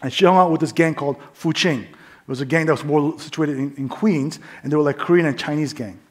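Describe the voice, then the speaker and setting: A husky, slightly high-voiced middle-aged man preaching through a personal testimony. He tells it like a story, often dropping his voice to quiet asides. He is from New York. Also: brisk. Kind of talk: sermon testimony.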